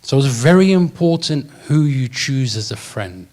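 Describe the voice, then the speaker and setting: Male preacher, mid-pitched, casual storytelling delivery with slangy asides. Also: unhurried. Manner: lively storyteller, slips into slangy voices for quoted characters. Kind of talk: sermon storytelling.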